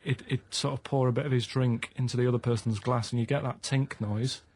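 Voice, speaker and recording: Man, Northern English accent, plain-spoken, halting explanations, radio chat. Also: medium pitch, fairly even intonation, darkish tone. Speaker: radio show regular. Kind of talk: comedy radio banter.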